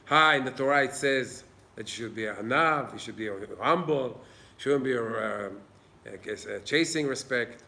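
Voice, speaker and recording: A man's voice: medium pitch, moderate pace, gravelly, hardly any pauses, bright, forceful tone. A man giving an informal Torah class in an old synagogue, earnest and plain-spoken. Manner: earnest, plain-spoken, acts out little dialogues. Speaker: Torah teacher.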